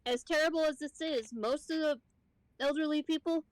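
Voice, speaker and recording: Profane ranting young woman, high voice. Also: normal speed, dry recording, poor audio. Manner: profane ranting storyteller, swears often. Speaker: streamer co-host. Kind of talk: casual chat.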